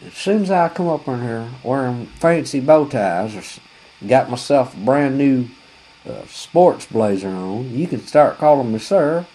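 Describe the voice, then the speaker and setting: Husky rambling man. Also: mid-range voice, animated, unhurried, mellow, low-quality recording. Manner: folksy, profane, rambling with many fillers. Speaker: comedian telling a story. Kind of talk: rambling comic storytelling.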